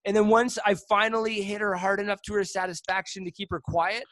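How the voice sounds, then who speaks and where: High-voiced young man telling a story. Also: fairly quick. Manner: rambling, animated storytelling with frequent restarts. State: tipsy from drinking. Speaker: guest storyteller. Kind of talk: casual podcast chat.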